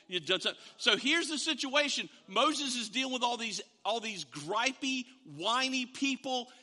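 A man's voice: extremely high pitch, sharp tone. A middle-aged male pastor preaching a sermon, telling stories, acting out dialogue and asking the congregation questions. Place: church hall. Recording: long hall reverb.

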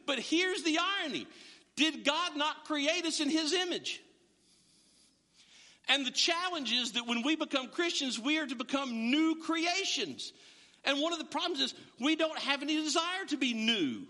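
A man preaching a sermon as pastor, animated and acting out his listeners' voices. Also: very high-pitched, normal speed, in a large hall.

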